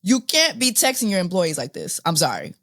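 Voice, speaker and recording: Incredulous woman podcaster, lively pitch. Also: a little fast, dry recording. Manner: exasperated, incredulous, repeats herself, laughs often. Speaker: podcast host. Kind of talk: casual commentary.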